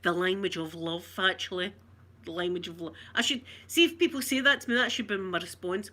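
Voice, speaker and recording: A woman's voice: fairly low pitch, brisk, pushed and bright. A Scottish woman from Scotland in casual live chat, talking to viewers, laughing often and reading out their comments. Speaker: vlogger.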